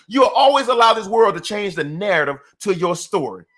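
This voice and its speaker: A man's voice: high voice, sing-song, a little fast, fairly bright tone. A middle-aged man giving a motivational talk in an emphatic, repetitive, preacher-like cadence. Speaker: motivational speaker.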